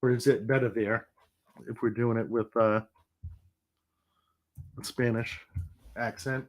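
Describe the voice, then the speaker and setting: Middle-aged male stream host, recovering from illness, loose rambling chat, mid-pitched voice. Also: level tone, a little slow. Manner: rambling, chatty, laughs easily. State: sick, recovering. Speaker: livestream host. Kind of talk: casual livestream chat.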